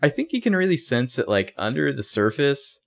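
A man's voice: mid-range voice, sing-song, brisk, creaky. A man co-hosting a casual chat, recapping a TV episode with sarcastic asides. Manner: chatty, sarcastic, acts out quoted lines. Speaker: podcast co-host recapping a TV episode.

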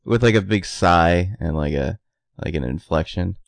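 A man co-hosting a casual podcast, teasing his partner in a dry, deadpan, passive-aggressive way. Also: low voice, normal speed, vocal fry, dry recording. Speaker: podcast co-host.

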